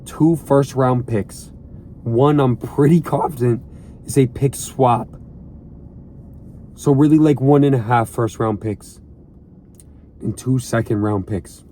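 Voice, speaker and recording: Slow, exasperated young man ranting. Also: medium pitch, warm tone, a little hiss or hum. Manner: exasperated, repeats points with heavy emphasis. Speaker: vlogger and sports fan. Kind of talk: ranting to camera. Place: inside a parked car.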